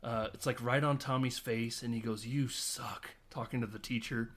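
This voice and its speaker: A man on a casual film podcast recaps a movie scene by scene in a mid-pitched, conversational voice. He slips into quick impressions of the characters as he goes, then drops straight back into easy chat. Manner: animated retelling of scenes, acting out characters' lines. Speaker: podcast co-host.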